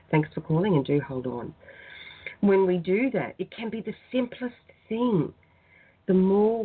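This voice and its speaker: A woman, speaking in a soft, earnest, heartfelt way as a spiritual guest on a talk radio show. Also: on the low side, slightly rough. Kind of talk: phoned-in radio chat, guided prayer. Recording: tinny phone-line sound.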